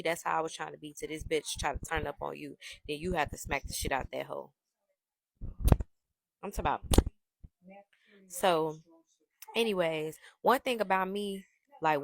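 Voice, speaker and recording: A young adult woman telling a story in a brash, profane, animated gossip style. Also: deep voice, no echo. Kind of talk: casual storytime monologue.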